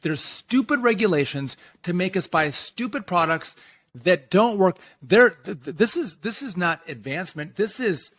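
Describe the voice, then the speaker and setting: A man's voice: high voice, lively intonation, normal speed, fairly bright tone. A man co-hosting a podcast, blunt and mocking in casual talk. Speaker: podcast co-host. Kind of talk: casual political chat.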